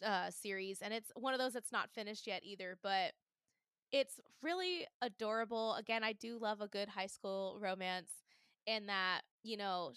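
A young adult woman hosting a casual fandom podcast, animated and laughing often as she acts out her reactions. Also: on the high side, clean tone, no echo, clean studio sound. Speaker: podcast host. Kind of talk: casual chat.

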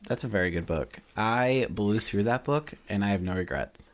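Male podcast co-host, loud joker, animated delivery, always interjecting. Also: lowish voice, normal speed. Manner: loud, jokey, full of side comments. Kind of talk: casual chat.

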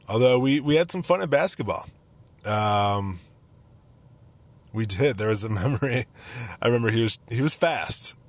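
Homem de voz grave, tom de brincadeira. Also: male voice, on the low side. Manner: self-mocking, joking, nostalgic. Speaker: podcast host. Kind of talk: casual storytelling monologue.

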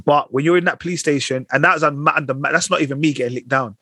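A young man with a slightly husky voice rattles off a long anecdote at a fast clip, full of slang and quoted exchanges. The sound is close and dry. It is casual podcast chat between friends. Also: on the high side, sharp tone, no echo. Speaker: podcast co-host.

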